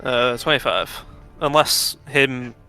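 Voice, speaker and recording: A man's voice: mid-range voice, takes it slowly, bright, forceful tone, faint music behind. A man chatting as a player in a tabletop game, offhand and matter-of-fact. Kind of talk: casual tabletop game chat.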